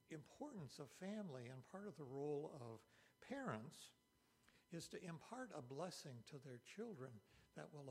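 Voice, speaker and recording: A man's voice: mid-range voice, husky. A man preaching a sermon as pastor, earnest and emphatic, repeating key phrases for weight.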